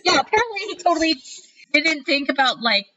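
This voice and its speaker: A woman co-hosting a podcast, chiming in with quick, chatty comments during an episode recap. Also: sits high, big pitch swings, sharp tone. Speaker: podcast co-host. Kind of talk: casual chat. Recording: slightly dull, lo-fi sound.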